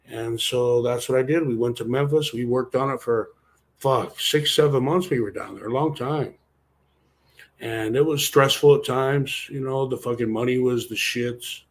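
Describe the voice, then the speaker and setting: Swearing ex-wrestler telling stories. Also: male voice, mid-range voice, steady tone, normal speed. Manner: swears constantly, loose rambling storytelling. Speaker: interview guest, former wrestler. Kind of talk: casual storytelling interview.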